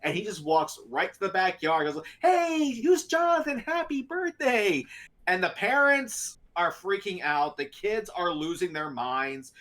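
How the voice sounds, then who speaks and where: A man's voice: fairly high pitch, lively intonation, moderate pace, few pauses, pushed and bright. Rambling, laughing male podcast co-host. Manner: rambling, laughing, many fillers. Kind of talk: casual storytelling chat.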